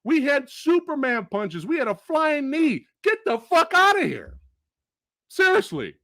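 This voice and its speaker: A man hosting a movie review show, ranting excitedly and profanely with loud bursts. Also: very high voice, unhurried, dry recording, studio quality. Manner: animated, profane, shouting bursts. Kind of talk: excited film review rant.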